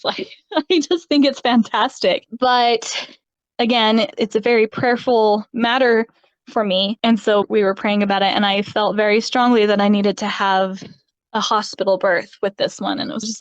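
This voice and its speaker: A woman recounting her pregnancy experiences in an interview, candid and quick to laugh between phrases. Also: medium pitch, clear, resonant tone, no room sound. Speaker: podcast guest. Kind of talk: personal story in an interview. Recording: slightly dull dry sound.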